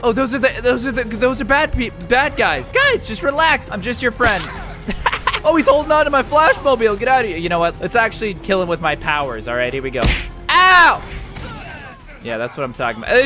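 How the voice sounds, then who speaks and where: A young man with a high, bouncy voice that swings all over as he narrates his gameplay. He gets excited fast and bursts into shouts and laughter. Music plays under his voice. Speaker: gaming YouTuber. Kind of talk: energetic gameplay commentary.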